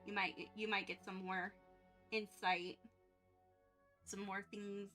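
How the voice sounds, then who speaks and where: Bubbly young woman streamer, bright voice. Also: medium pitch, slow pace, faint music behind. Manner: excitable, gushing thanks, rambling with many fillers. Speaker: art livestreamer. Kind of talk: casual live-stream chat.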